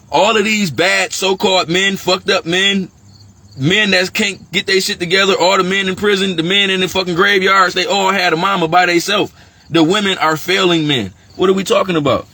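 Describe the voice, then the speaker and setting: Brief: man, high husky voice, bright and edgy, heated profane rant with rapid rhetorical questions.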